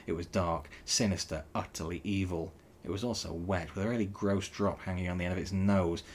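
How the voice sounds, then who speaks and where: A man reading a novel aloud in a wry, animated storytelling style. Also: low voice, a little hiss or hum.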